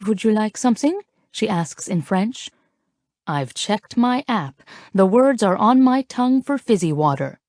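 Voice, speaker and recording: A woman's voice: mid-range voice, lively intonation, unhurried, darkish tone, no room sound, studio quality. A woman narrating a first-person romance audiobook in a playful, flirty, teasing way, as if recorded in a booth.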